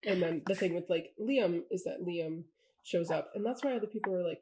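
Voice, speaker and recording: A woman's voice: fairly low pitch, brisk, dark tone, slight background noise, rough recording. A woman co-hosting a casual book discussion, chatting and spinning theories with lots of "like" fillers. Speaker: book podcast co-host.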